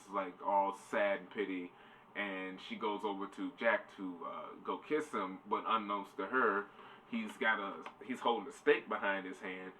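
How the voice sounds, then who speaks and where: A man's voice: deep voice, pushed and bright. A man giving a casual, rambling spoiler review, swearing loosely. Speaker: show reviewer. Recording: distant mic, faint background noise.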